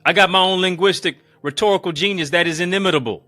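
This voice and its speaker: A male motivational speaker delivering a preaching-style speech, emphatic and rhythmic with lots of repetition, swinging between booming lines and hushed ones, calling his listeners family. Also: fast talker, no room sound, soft background music. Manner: addresses live viewers as family.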